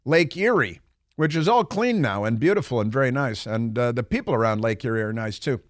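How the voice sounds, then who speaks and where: A man's voice: mid-range voice, lively intonation, a little fast, no echo. A middle-aged man hosting a talk radio show in a studio, mocking and rambling with many fillers and asides. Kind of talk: opinionated talk radio monologue. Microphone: studio microphone.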